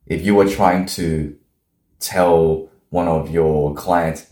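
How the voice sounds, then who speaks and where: A man with a low, deep voice teaches how to speak with influence. He talks in a deliberate, measured way and acts out each technique as he explains it. The room around him is noticeably echoey. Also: fairly even intonation, mellow. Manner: deliberate, demonstrates changes in his voice. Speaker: voice coach. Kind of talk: instructional talk.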